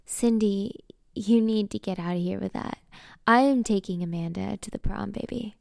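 A woman reading the part of a relaxed, sweet-talking high school jock in an audio story, barely changing her own voice. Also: normal speed, vocal fry, no room sound, clean studio sound, lightly acted. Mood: laid-back. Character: high school jock boy, easygoing and smooth.

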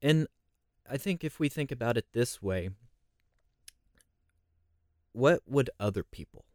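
A man's voice: medium pitch, lively intonation, a little slow, a little mellow, no room sound, studio quality. A man leading a conversational Bible study, reflective and posing rhetorical questions.

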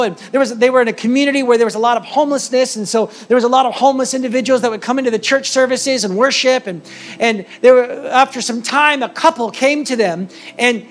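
A man preaching a sermon as the church's pastor, telling a story with animated, emphatic delivery. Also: very high voice.

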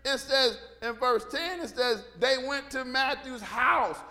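Male preacher, folksy storyteller, high voice, long reverb. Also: measured pace, sharp tone. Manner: folksy storytelling, acting out Bible figures in casual slang. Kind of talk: sermon.

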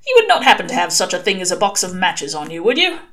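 A woman's voice: on the low side, very animated, quick pace, a bit bright. A woman voicing a proud old male tramp who eats fire, speaking in grand, old-fashioned phrases in a storybook reading. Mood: grandly courteous.

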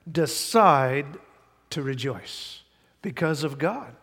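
Male pastor, higher-pitched voice, folksy emphatic sermon delivery, church hall reverb. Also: lively intonation, slow pace, gravelly, fairly bright tone, breathy edge. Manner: folksy, emphatic preaching with many asides. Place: church sanctuary.

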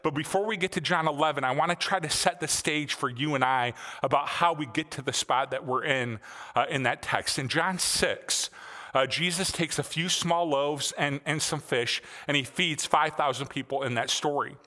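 A man's voice: on the high side, moderate pace, sharp tone, big-room sound. A male pastor preaching a sermon in a conversational way, with frequent fillers.

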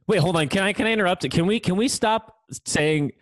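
A man's voice: fairly high pitch, big pitch swings, moderate pace, no echo. A man hosting a casual group chat, rambling with many fillers and teasing his guests.

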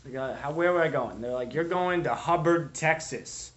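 A man's voice: fairly high pitch, normal speed, highs cut off. A young man from Boston with a Boston accent, telling his recovery story to a crowd in a rambling, profane way full of "dude" and "like.". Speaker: speaker sharing recovery story. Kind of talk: storytelling to a live audience.

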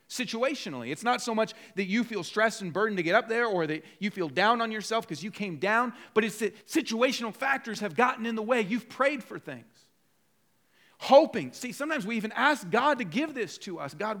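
A pastor preaches in a relaxed, talking-to-you way, and his voice sits a touch higher than most men's. He lifts into emphatic stretches when he voices the thoughts of his listeners, then settles back into plain conversation. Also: brisk. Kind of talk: sermon. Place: church.

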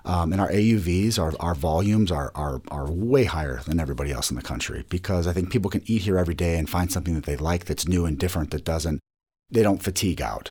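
A man's voice: low-pitched, fast talker, a little mellow, breathy edge. A man answering interview questions about his restaurant chain, rambling with lots of restarts and repeated words.

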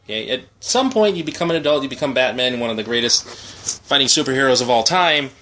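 A man with a bright, forceful voice tells a long comic story on a podcast. He rambles and circles back. His pitch sits in the middle range. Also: lively intonation, fast talker. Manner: rambling storyteller, acts out quotes. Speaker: podcast host. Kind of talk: casual comedic chat.

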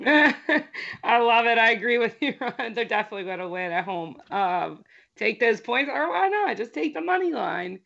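A woman's voice: a little high, big pitch swings, moderate pace, creaky, a bit bright, dull audio. A woman giving sports picks in a casual chat, upbeat and laughing.

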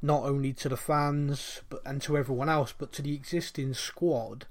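A podcast host with a Bristolian accent chats casually in a mid-range voice at normal speed with fairly even intonation. He reads listener questions aloud and laughs often at himself in a self-deprecating way.

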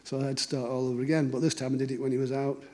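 A man's voice: mid-range voice, level tone, very fast, dark tone. A middle-aged man, telling family stories in a conversational talk and acting out the dialogue. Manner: conversational, anecdotal, acts out dialogue. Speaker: cartoonist giving a talk. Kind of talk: storytelling talk.

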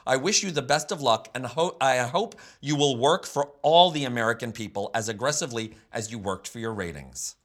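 A man putting on a gruff male action star's voice while reading out a tweet. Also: mid-range voice, expressive, brisk, hardly any pauses, a bit bright, voice pushed down, natural voice.

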